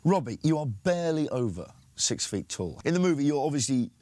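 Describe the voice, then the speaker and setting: A man's voice: on the high side, fairly quick, no room sound. A man interviewing film actors in a playful, joking junket style. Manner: jokey, with animated put-on exclamations.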